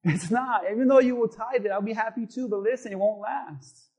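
A male preacher with a strikingly high voice delivers a fiery sermon. He drops to near-quiet, then builds to shouted peaks. He keeps pressing the room with rhetorical questions. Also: brisk. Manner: impassioned, emphatic, swings between quiet and shouting, rhetorical questions.

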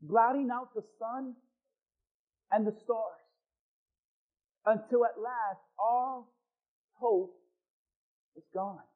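A man preaching a sermon as pastor, swinging from loud, emphatic lines to hushed ones. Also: extremely high pitch, drawn-out words, long pauses. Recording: thin phone-like sound.

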